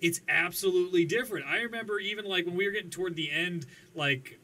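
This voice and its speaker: Bright-voiced podcast co-host man. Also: high voice, fast talker. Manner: agreeable, lots of yeah and mm-hmm. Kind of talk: casual gaming podcast chat. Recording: faint background noise.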